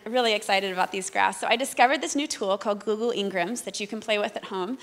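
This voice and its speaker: A woman's voice: fairly high pitch, a bit bright. A woman giving a keynote talk, telling stories with humorous asides in an upbeat way. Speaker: keynote speaker.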